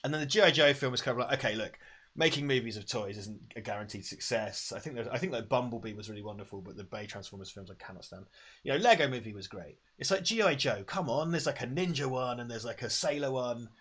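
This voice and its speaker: A Scottish man co-hosting a casual film watch-along, animated and joking, often laughing, on a lapel mic. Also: mid-range voice, fast talker, slightly rough. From Scotland. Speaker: podcast co-host.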